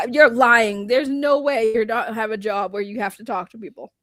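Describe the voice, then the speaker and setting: A young woman in casual banter, teasing and giggly, telling gossip in an animated way. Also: a little high, unhurried, no echo, clean studio sound. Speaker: co-host.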